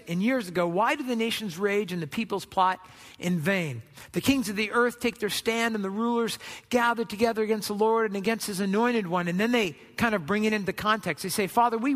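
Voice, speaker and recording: A man's voice: high-pitched, a bit bright, long reverb tail. A man preaching a sermon as pastor, in a conversational way that is full of rhetorical questions.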